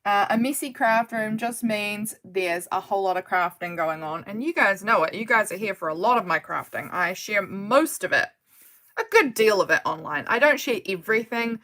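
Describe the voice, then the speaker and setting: A woman's voice: mid-range voice, animated, moderate pace, pushed and bright. A woman hosting a casual craft livestream from her desk at home, chatting in a rambling way and often laughing as she works. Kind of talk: casual live chat while crafting.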